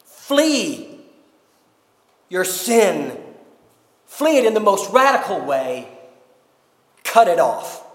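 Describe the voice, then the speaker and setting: A man preaching a sermon as pastor, emphatic, with slow deliberate phrasing. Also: sits high, sing-song, reverberant, in a large hall.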